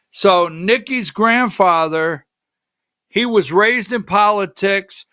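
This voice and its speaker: A man's voice: high voice, takes it slowly, sharp tone, smooth. A middle-aged man hosting a political livestream talk show. He talks in a rambling, emotional way and calls to the producer for slides.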